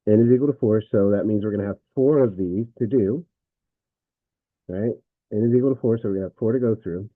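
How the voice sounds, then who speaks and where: A man's voice: fairly low pitch, a little fast, no room sound, narrow, tinny audio. A man teaching a recorded math lesson, thinking aloud as he works through problems and correcting himself with frequent fillers.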